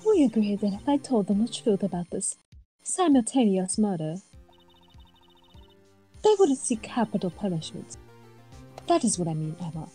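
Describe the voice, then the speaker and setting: A woman's voice: mid-range voice, very animated, normal speed, pauses often, mellow, faint music behind, natural voice, rough recording. A woman voicing a composed female chief prosecutor in a put-on accent, reading game lines. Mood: grave.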